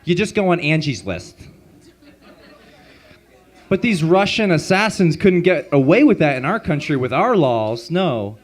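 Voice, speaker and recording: A man with a slightly high voice performs a stand-up set on a comedy club stage. He delivers deadpan setups and quick punchlines through a handheld mic and sometimes laughs at his own jokes.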